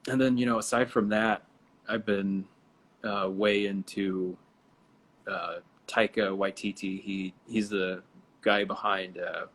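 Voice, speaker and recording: A man in a relaxed, chatty conversation on a live video stream, laughing often. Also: fairly low pitch, slow pace. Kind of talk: casual chat.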